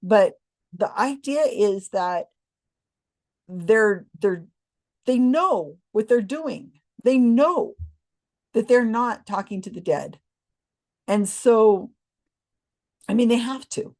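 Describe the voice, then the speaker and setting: A woman's voice: mid-range voice, slow pace, long pauses, a little mellow. A woman in a mid-range voice talks casually with a skeptical edge. She sighs and scoffs as she makes her case. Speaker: co-host. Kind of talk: casual chat.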